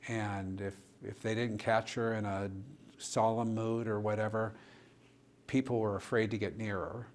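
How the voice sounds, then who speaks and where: Lively male pastor telling a story. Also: on the low side, measured pace. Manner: animated storyteller who acts out quoted dialogue. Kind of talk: storytelling in a church discussion. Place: church.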